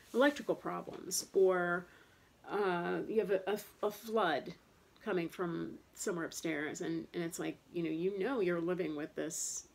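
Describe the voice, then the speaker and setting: A woman in her thirties with a low, gravelly voice speaks in a casual, rambling monologue, full of fillers and restarts. Her talk is candid and frustrated, and she loops back over the same point as she goes. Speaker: vlogger talking about chronic pain.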